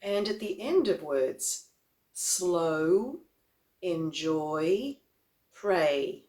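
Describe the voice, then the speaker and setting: Woman vocal coach, slow and deliberate delivery, lower pitch, roomy echo. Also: expressive, darkish tone. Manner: slow, deliberate, demonstrates example words one by one. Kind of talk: instructional explanation.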